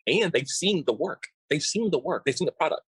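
A man's voice: fairly high pitch, lively intonation, a little fast, slightly rough, no room sound. A man who works as a coach, chatting casually and talkatively, often restarting and repeating words. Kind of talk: casual podcast conversation.

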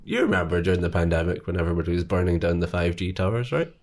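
A man's voice: low voice, racing, darkish tone. A man co-hosting a podcast, chatting casually with dry, wry jokes and chuckles. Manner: dry, wry jokes, laughs at own lines. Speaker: podcast co-host. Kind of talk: casual chat about films.

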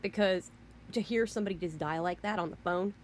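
A woman's voice: fairly low pitch, a little fast, a little hiss or hum. Indignant rambling woman ranting. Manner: indignant, rambling, repeats "you know" and "I mean"; swears in exasperation. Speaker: vlogger. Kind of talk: angry storytelling rant.

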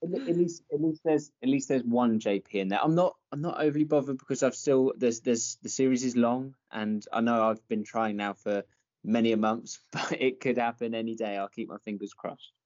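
A man's voice: medium pitch, a little fast, darkish tone. A posh man chats easily on a podcast, unbothered by the teasing. The recording sounds dull and lo-fi. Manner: posh, easygoing. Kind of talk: casual chat.

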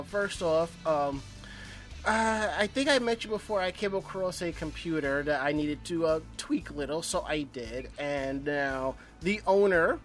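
Chatty man hosting a podcast. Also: fairly high pitch. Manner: chatty, rambling, friendly asides. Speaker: podcast host. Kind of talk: casual chat.

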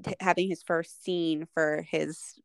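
A woman's voice: low-pitched, measured pace, vocal fry, no echo. A woman co-hosting a podcast, telling stories animatedly and saying "like" a lot. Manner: animated storyteller, lots of "like". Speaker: podcast co-host. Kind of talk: casual chat.

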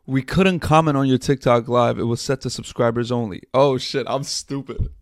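Young guy hosting a live podcast, gravelly voice, dry close sound, cussing a lot. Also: mid-range voice, fairly even intonation, moderate pace, no echo. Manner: frustrated, profane, self-mocking. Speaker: podcast host. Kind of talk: casual livestream talk.

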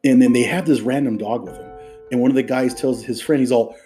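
A man hosting a podcast, telling stories in casual chat and dropping into quick impressions. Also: mid-range voice, fairly even intonation, mellow, faint music behind. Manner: chatty storyteller, drops into quick impressions. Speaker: podcast host.

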